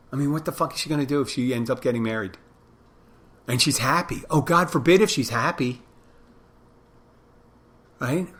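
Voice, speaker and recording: A middle-aged man from the Philadelphia area, with a Philly accent, hosts a podcast solo in a casual monologue. His medium-pitched voice has a fairly bright tone as he rambles through profane asides about himself.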